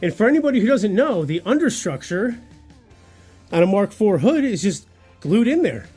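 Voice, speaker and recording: Man, casual workshop vlog, thinking aloud, very lively pitch, slangy and excited, faint music underneath. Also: normal speed. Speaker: car builder.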